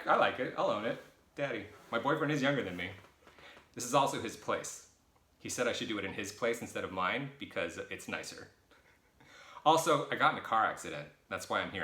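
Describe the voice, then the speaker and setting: A man's voice: lowish voice, pushed and bright, roomy sound. A middle-aged American man casually rambling through a viewer Q&A, chatty and self-deprecating, with jokey asides, in his boyfriend's home. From United States. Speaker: vlogger answering viewer questions.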